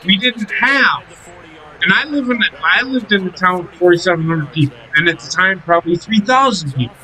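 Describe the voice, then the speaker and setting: A man's voice: sits high, lively intonation, a little fast, pushed and bright, rough recording. A young man chatting casually while gaming, telling profane stories and laughing often. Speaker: gaming streamer. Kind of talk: casual chat.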